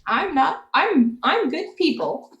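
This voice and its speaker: A woman's voice: high-pitched, very animated, slow, reverberant, highs cut off, pitched above the performer's own voice, exaggerated voice. A woman playing a snippy, grumpy ship's cook. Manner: sharp, defensive retorts.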